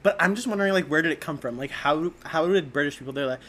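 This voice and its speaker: A man's voice: fairly high pitch, fast, fairly bright tone. A man co-hosting a casual podcast chat, telling rambling stories full of fillers and laughter. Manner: rambling, laughing storyteller, heavy on filler words. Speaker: podcast co-host.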